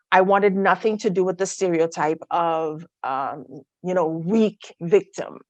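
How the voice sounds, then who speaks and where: A woman's voice: fairly low pitch, no room sound. A woman giving a candid personal testimony talk on a video call, telling her story with asides to her listeners. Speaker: guest speaker.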